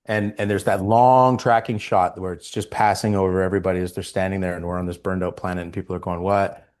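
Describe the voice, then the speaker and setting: Low-voiced man telling animated stories. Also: fast talker. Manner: animated storyteller, acts out quotes. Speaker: actor guest. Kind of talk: storytelling interview.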